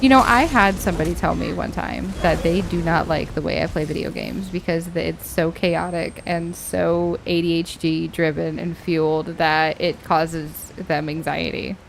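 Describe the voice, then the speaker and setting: Giggly, animated woman streaming a game. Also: fairly low pitch, creaky, slight background noise. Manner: animated, giggly, quick to tease. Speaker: streamer playing a video game. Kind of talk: casual gameplay chat.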